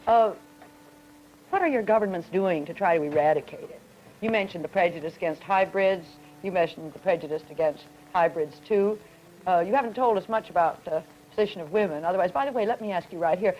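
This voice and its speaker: A woman moderating a 1950s broadcast student panel, asking poised, brisk questions and introducing guests. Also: fairly low pitch, dull audio, slight background noise.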